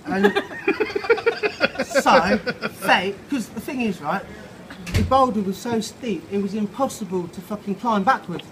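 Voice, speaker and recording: Outside a pub, amid loud outdoor background noise, a tipsy man reads his own children's story aloud, improvising, swearing and laughing as he goes. His voice is high-pitched and his pace measured.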